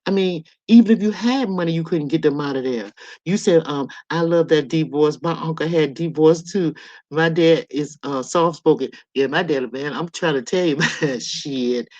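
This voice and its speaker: A woman's voice: deep voice, moderate pace, a little mellow, dry recording. A middle-aged woman hosting a casual livestream from home on her laptop, telling stories to her viewers in a chatty, salty way. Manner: chatty storyteller, swears, addresses viewers. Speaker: livestream host. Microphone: laptop microphone. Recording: dull lo-fi laptop audio.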